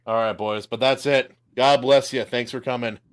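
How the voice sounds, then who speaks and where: A man's voice: mid-range voice, steady tone, moderate pace, clean tone, dry recording. A man hosting a casual podcast chat, telling corny jokes and laughing at them. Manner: jokey, laughs at his own puns. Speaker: podcast host.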